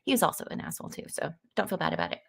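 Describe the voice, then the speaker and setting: A woman's voice: fairly low pitch, huge pitch swings, racing, creaky, fairly bright tone. A woman hosting a casual live stream of an AI text adventure, chatting loosely with lots of fillers and greeting viewers.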